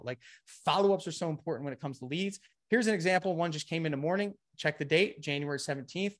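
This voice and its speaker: Energetic man giving a webinar talk. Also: fairly high pitch, fairly quick. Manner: energetic, repeats "okay" and "guys". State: a bit winded. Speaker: presenter. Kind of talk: live webinar sales presentation.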